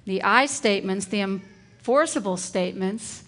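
A middle-aged woman, a teacher, giving a parenting talk and acting out calm, firm example phrases. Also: mid-range voice, unhurried.

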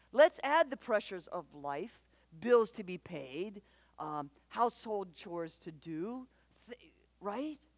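A woman giving a conversational church talk on parenting, animated and quick to act out voices, often asking the audience questions. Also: fairly low pitch, dry recording. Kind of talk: conversational sermon.

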